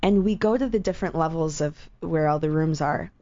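A middle-aged woman chatting casually and telling an animated story, acting out what other people said. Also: low-pitched, fairly quick. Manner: animated storyteller, acts out quoted voices. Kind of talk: casual chat. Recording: slightly dull lo-fi sound.

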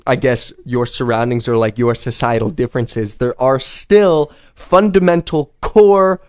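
A man's voice: mid-range voice, a little slow, darkish tone, clear, resonant tone. A man in casual conversation, rambling through questions and filling his talk with "like". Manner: rambling, heavy use of "like", questioning. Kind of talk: casual chat. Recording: slightly dull lo-fi recording.

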